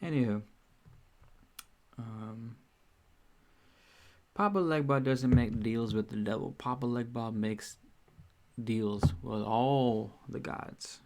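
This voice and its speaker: A man's voice: mid-range voice, takes it slowly, long pauses, darkish tone. Man chatting casually on stream. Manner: rambling, profane, self-correcting. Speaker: streamer host. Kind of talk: casual livestream chat.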